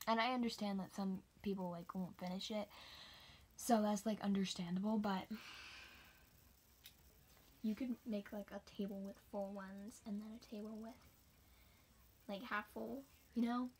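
A woman's voice: medium pitch, fairly even intonation, normal speed, pauses often, a little mellow, slight background noise. A young woman telling a casual, rambling story about her race, sometimes dropping into a whisper. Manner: chatty, rambling, drops into whispers. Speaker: homeschooled cross-country runner.

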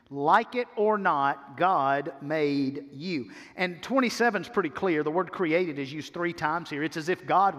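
High-voiced pastor preaching in a hall. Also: male voice, a bit bright. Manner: emphatic preaching with repeated phrases and slowed key words. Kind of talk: sermon. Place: church sanctuary. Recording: long reverb of a church hall.

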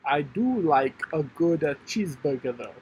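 A man's voice: a little high, lively intonation, normal speed, darkish tone, natural voice, poor audio. A man doing a silly mock Italian-Russian accent voice while chatting during a game, playful and drawn out. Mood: goofy. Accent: mock Italian-Russian put-on. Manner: goofy, playful, drawled.

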